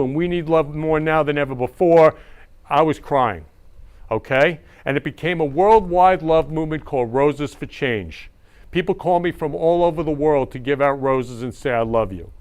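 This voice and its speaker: A man's voice: on the high side, smooth. Effusive man hosting, near tears. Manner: effusive, repeats words of love, near tears. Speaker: talk show host. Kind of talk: emotional, preachy talk.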